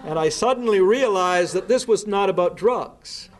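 High-voiced man telling a story earnestly. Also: moderate pace. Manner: earnest, recounts events step by step with restarts. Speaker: speaker recounting a case. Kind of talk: spoken storytelling talk.

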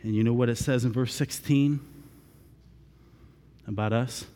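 A man preaching a sermon, retelling a story theatrically and swinging between shouts and whispers. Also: medium pitch, fairly even intonation, measured pace. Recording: long reverb of a large room.

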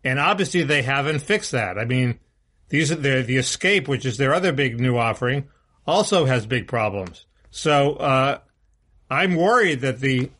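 A man's voice: medium pitch, animated, moderate pace, a bit bright. A man co-hosting a casual political podcast, talking bluntly and restarting his sentences often. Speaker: co-host.

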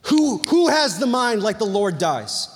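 High-voiced young man preaching in a hall. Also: unhurried. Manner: animated, chatty storytelling with many "like"s. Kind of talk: storytelling sermon.

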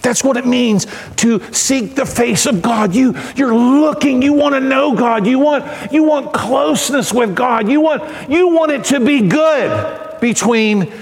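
A middle-aged man preaching a sermon as pastor, animated and acting out voices and cries. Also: very high voice, measured pace, gravelly. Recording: long hall reverb.

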